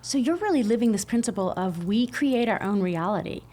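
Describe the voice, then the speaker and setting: A middle-aged woman who is a podcast guest, speaking in a warm, affirming way and explaining her points clearly in a podcast room. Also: a little high, lively intonation, brisk. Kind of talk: casual podcast conversation.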